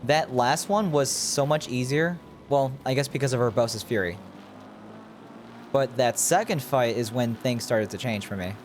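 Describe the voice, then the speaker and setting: A man's voice: mid-range voice, moderate pace, a little hiss or hum. Rambling male game streamer. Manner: rambling, thinking aloud while playing; chats with viewers. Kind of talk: casual gameplay commentary.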